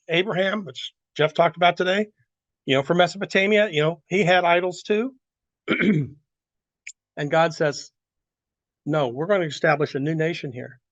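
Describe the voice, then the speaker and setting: A man's voice: on the high side, moderate pace, pauses often, fairly bright tone, dry recording, muffled recording. A man teaching a Bible lesson to a class in a church room, talking loosely and asking the group questions. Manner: conversational, asks the class questions, many restarts.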